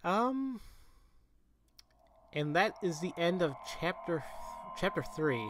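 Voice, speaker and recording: A man doing casual let's play commentary, excitable and prone to shouting, then rambling with restarts as he reflects. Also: high voice, takes it slowly, background noise. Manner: excitable, breaks into shouts and laughter. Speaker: let's player.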